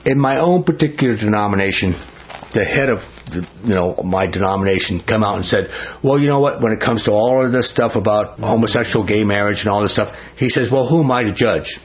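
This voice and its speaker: A man teaching a Bible study, reading scripture slowly and then talking about it in a heated, emphatic way. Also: lowish voice, dull audio.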